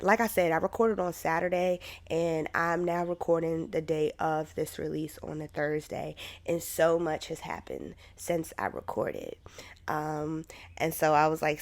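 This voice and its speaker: A young woman hosting her own podcast in a loose, chatty way, swearing casually, her voice still worn from being sick. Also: fairly low pitch. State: recovering from covid, voice still sick. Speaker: podcast host. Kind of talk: casual solo podcast talk.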